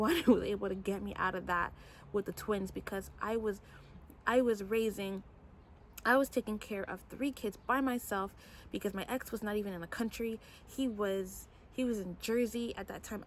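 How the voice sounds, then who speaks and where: A young adult woman, a mom vlogger, telling a personal story in a candid, animated storytime vlog. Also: mid-range voice, slight background noise.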